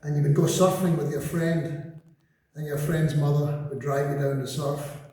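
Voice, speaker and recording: A man's voice: a little high, level tone, normal speed, mellow. A man in his seventies from Scotland, telling wry, self-mocking stories onstage between songs. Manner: dry, self-mocking humor. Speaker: singer-songwriter on stage. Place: large concert hall. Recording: echoey concert hall from a distant mic.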